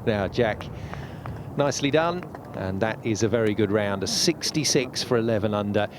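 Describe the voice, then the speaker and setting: A man doing measured, conversational play-by-play as a golf commentator on a broadcast. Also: fairly low pitch, lively intonation, noisy background. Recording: music bed under the commentary.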